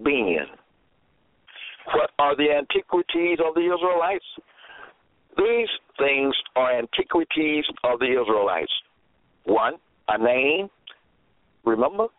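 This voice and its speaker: A man preaching a radio sermon, slow and emphatic, repeating himself and asking rhetorical questions. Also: on the high side, no echo. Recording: tinny phone-like radio audio.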